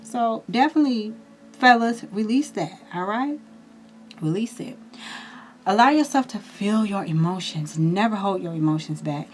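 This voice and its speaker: A woman's voice: medium pitch, normal speed. Chatty woman giving a tarot reading. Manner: chatty, reassuring, addresses viewers directly. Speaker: tarot reader. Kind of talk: casual astrology reading.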